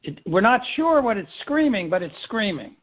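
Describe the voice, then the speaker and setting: This firm team leader speaks in a high, very animated voice at normal speed, heard through thin phone-line audio. Running a business meeting, he coaches with rhetorical questions and keeps starting over mid-thought.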